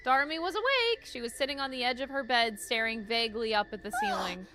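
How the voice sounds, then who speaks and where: A woman streamer reading game dialogue aloud during a playthrough, expressive, swearing and joking to chat. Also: a little high, fairly quick, hardly any pauses, background noise.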